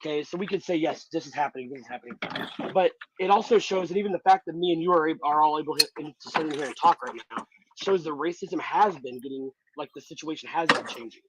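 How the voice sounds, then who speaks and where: A man in a casual group chat, talking fast and restarting his sentences as he works through his point. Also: on the high side. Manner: fast, restarting thoughtful talk. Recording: dull lo-fi sound with noise.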